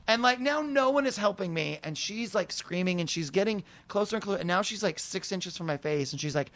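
A man telling an anecdote in casual conversation, lively and acting out the people he quotes in raised voices. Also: sits high, fairly quick, few pauses, no echo.

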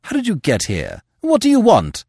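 A man's voice: very animated, a little fast, no echo, studio quality. A man doing a blustering, indignant editor. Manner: loud, high, agitated outbursts.

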